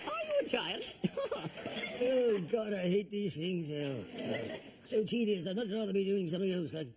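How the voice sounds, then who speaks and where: A bored, tactless elderly queen speaks in a plummy, high voice that leaps all over the place, a man putting her on. The asides come out rude and haughty. This is a noisy live studio recording. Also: huge pitch swings, moderate pace. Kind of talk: comic impression.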